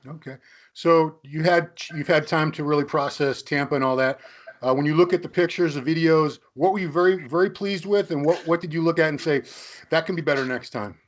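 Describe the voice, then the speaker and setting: A man's voice: fairly high pitch, steady tone, a little fast. A man hosting an interview, chatty and joking, asking long rambling questions. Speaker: interview host. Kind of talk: casual interview chat.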